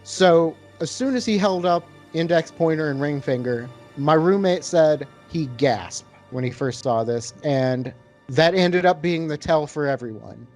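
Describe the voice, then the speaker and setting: A man hosting a casual podcast chat, rambling and relaxed, with lots of fillers as he tastes and describes a beer. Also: a little high, unhurried, faint music behind.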